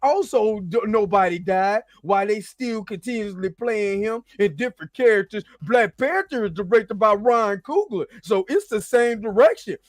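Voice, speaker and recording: A man's voice: high voice, animated, normal speed, hardly any pauses, no echo, studio quality. A man hosting his own show, ranting animatedly about pop culture, repeating himself and swearing. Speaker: show host.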